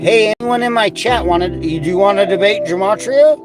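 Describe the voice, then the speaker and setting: A man's voice: brisk, lightly acted. A man voicing a pushy, mocking raccoon who hawks gematria, with a wheedling, taunting manner. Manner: taunting, wheedling, high squeaky voice. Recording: clear music playing behind.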